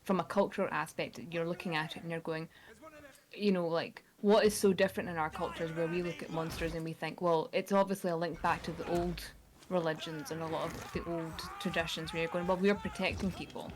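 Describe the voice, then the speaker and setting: A woman from Scotland with a Scottish accent softened by American, chatting enthusiastically as a guest author. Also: fairly low pitch, fairly even intonation, a little fast. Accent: Scottish, with American mix. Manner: enthusiastic, rambling. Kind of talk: casual chat.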